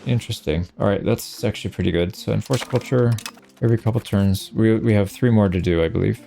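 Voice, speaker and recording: A man's voice: fairly low pitch, quick pace, vocal fry, warm tone, slight background noise. A man hosting a let's play, casually thinking aloud and puzzling over his moves in a strategy game. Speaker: gaming channel host.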